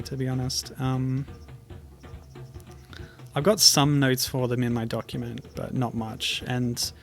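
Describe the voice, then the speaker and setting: A man streaming and commenting on old web games, talking in a hesitant, halting way with many fillers and sometimes reading the game text aloud. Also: mid-range voice. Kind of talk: casual gameplay commentary.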